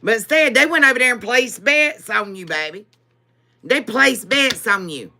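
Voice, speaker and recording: A woman's voice: on the high side, lively intonation, normal speed, bright, forceful tone. A woman giving a live-streamed tarot reading, laughing often, repeating phrases for emphasis and calling her viewers baby. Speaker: tarot reader.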